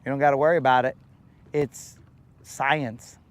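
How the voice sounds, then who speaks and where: A man's voice: medium pitch, fairly even intonation, moderate pace. A man hosting a live fishing stream outdoors on a lake, playful and full of slang as he jokes with his chat. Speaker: fishing livestream host.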